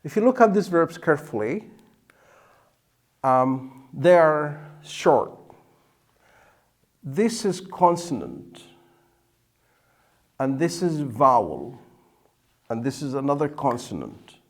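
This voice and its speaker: A male teacher explains grammar slowly and deliberately, repeating key words. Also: fairly high pitch, very animated. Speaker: English teacher. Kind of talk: explaining at a whiteboard.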